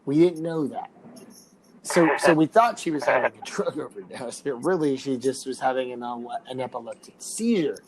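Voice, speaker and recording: A young man rambles through a story on a casual podcast, stopping and restarting and padding his talk with fillers. He swears freely and keeps the delivery loose and conversational. His voice sits at an ordinary middle pitch. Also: expressive, normal speed, a crowd in the background, poor audio. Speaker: podcast co-host.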